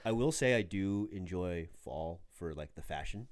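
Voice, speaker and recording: Laid-back young man with a lively voice. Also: sits low, normal speed, no room sound, clean studio sound. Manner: laid-back, teasing, swears casually. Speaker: podcast co-host. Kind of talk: casual chat.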